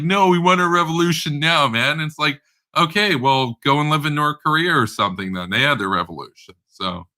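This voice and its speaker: Sharp-voiced man ranting about politics. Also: medium pitch. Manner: rambling, with frequent fillers and stammered repeats; blunt and sarcastic. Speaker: political commentator. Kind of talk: casual unscripted political rant.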